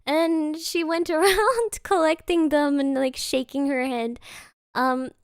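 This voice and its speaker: High-voiced, giggly woman streamer. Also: fairly even intonation, slow pace, no echo, clean studio sound. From Germany. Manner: giggly, laughs mid-sentence, drops Japanese interjections. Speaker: VTuber streamer. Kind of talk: casual storytelling chat.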